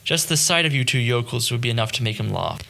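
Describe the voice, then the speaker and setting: A man voicing a proud, sharp-tongued young male scholar in an audiobook, speaking in a cutting, haughty way. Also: medium pitch, animated, fast, gravelly. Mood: scornful. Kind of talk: audiobook character reading.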